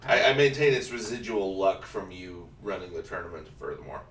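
A man's voice: low-pitched, lively intonation, a little fast, a bit bright. A man chatting casually on a podcast, joking and laughing often. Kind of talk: casual chat. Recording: roomy, distant mic, faint hum.

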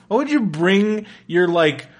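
A man with a somewhat high voice chats casually as a podcast co-host. He riffs with incredulous sarcasm, firing questions at the absurdity of what he's reading. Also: big pitch swings, measured pace. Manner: incredulous, riffing sarcastic commentary. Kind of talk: casual comedic chat.

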